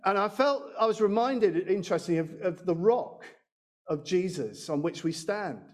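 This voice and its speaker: A man's voice: high-pitched, lively intonation, normal speed. A man preaching a sermon in a church, chatty and self-deprecating, speaking into a handheld mic. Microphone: handheld microphone.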